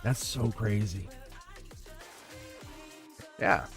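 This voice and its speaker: A man giving a live-stream tarot reading, excitable and blunt, swearing and laughing as he talks to viewers. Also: fairly low pitch, very slow, faint music behind. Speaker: tarot reader.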